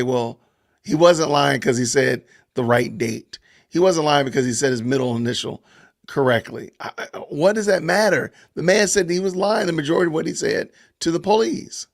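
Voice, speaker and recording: Gravelly-voiced man chatting on a live stream. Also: fairly high pitch. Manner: animated, laughs often, reads viewer comments aloud. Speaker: podcast host reading live chat. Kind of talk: casual live-stream commentary.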